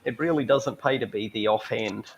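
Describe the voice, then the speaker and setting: A man's voice: mid-range voice, moderate pace, vocal fry, husky, highs cut off. A man chatting casually, blunt and irreverent, with the occasional swear word. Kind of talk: casual chat.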